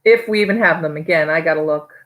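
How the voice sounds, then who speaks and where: Brief: talkative woman, New York accent, low-pitched, loose live-stream chat. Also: a bit bright, low-quality recording. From New York area. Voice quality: chatty, rambling, quick to laugh. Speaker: online reseller vlogger.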